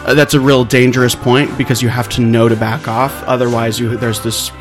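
Halting, frank podcast co-host man. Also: medium pitch, level tone, soft background music. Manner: halting, restarts a lot, swears casually. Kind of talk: casual chat.

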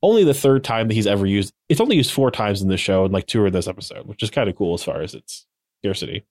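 Low-voiced man rambling through a recap. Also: expressive, fast talker, a little mellow, dry recording, studio quality. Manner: rambling, filler-heavy retelling. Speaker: podcast co-host. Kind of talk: casual episode recap.

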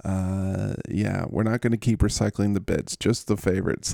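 A man's voice: sits low, steady tone, moderate pace, gravelly, warm tone, dry recording, studio quality. A man hosting a podcast in casual, rambling chat, full of jokes, puns and running bits. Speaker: podcast host.

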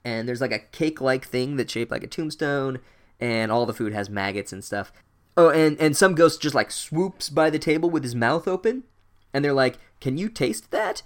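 A man's voice: mid-range voice, moderate pace. A man giving a casual comedic book recap, sarcastic and full of swearing. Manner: profane, sarcastic.

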